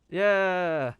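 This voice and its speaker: A man's voice: sits high, a bit bright, clean tone, dry recording, dull audio. A man streaming a video game, rambling casually and chatting with his viewers. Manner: rambling, chatty, swears and laughs. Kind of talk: casual gameplay commentary.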